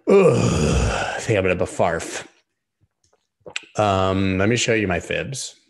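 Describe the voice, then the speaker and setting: A low-voiced man talking through charts on a live stream, loose and jokey. He wanders off into quick asides, then drifts back to the chart in front of him. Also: vocal fry, fairly bright tone. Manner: joking, rambling, quick asides.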